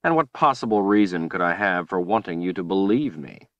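A man's voice: deep voice, animated, fairly quick, no echo, highs cut off. A man doing a stubborn young hero, blunt. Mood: defiant. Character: defiant young male woodsman hero, stubborn and angry. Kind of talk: audiobook character voice.

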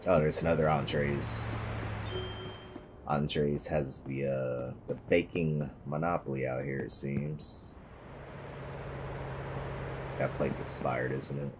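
A man with an extremely low, deep voice chats through a police game, tossing out joking, wry remarks about what he sees. His tone is casual and conversational. Clear background noise runs under the recording. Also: fairly even intonation, slow pace, long pauses. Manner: joking, wry running commentary. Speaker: gameplay commentator.

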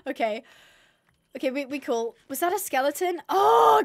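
A young woman live-streaming a game in casual chatter, reading chat aloud and breaking into excited squeals. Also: high voice, moderate pace, creaky.

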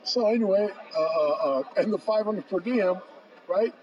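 A man in his fifties, a podcast guest, telling a long anecdote with lively acted-out dialogue and frequent "bro.". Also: high voice, moderate pace. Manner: lively storyteller acting out both sides of phone calls, says "bro" often. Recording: distant, dull and noisy.

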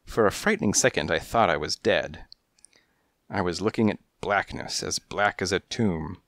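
A man narrating a first-person noir detective storybook in a hardboiled, measured storytelling manner, on a close mic. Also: low voice, fairly bright tone, dry recording. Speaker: audiobook narrator.

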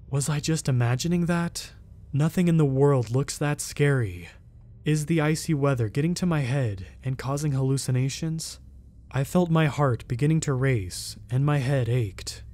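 A narrator reads a scripted first-person horror story at a middle pitch, keeping a steady, measured delivery. He voices the other characters' lines in much the same voice, making for a plain, even storytelling read.

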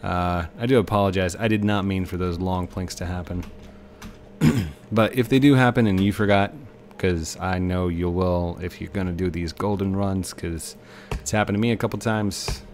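A man's voice: sits low, steady tone, normal speed, darkish tone, slight background noise. A man giving casual, rambling commentary while playing a video game, talking to himself and the game. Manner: chatty, talks to himself and the game.

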